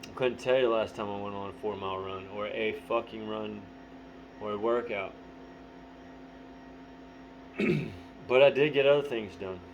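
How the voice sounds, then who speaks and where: A man talking candidly to the camera in a profane, motivational monologue. He is blunt, swears constantly and often clears his throat. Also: fairly low pitch, normal speed, pauses often. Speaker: vlogger. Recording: dull lo-fi audio with faint hum.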